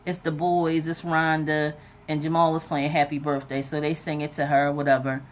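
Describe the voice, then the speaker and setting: A woman with a slightly low voice chats through a TV episode recap, loose and animated, dropping "like" and "whatever" everywhere. Faint hiss sits under her voice. She jumps into the characters' lines as she goes. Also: moderate pace. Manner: frequent fillers like "like" and "whatever". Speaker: TV episode reviewer.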